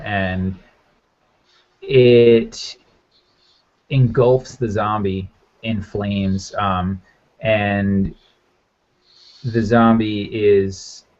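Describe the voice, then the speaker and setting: A man's voice: fairly low pitch, fairly even intonation, drawn-out words, pauses often, a little mellow. A man narrating as game master in a loose, rambling way with lots of fillers. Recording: muffled lo-fi audio.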